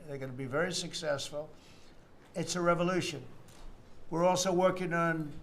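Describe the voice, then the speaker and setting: A man's voice: on the high side, a little hiss or hum. Rambling older American man, off the cuff. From United States. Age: 70s. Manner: rambling, repetitive and boastful, with mocking asides. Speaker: politician. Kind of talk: off-the-cuff remarks at a meeting. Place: indoor meeting room.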